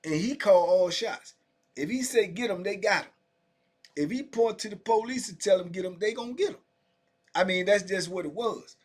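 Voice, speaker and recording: A middle-aged man with a voice pitched a touch high tells a prison story in easy, slangy street talk. He keeps checking in with the listener as he goes and keeps it conversational. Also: moderate pace. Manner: loose, slangy, full of "you know what I'm saying" asides. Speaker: storyteller recounting prison life. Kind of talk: casual first-person storytelling.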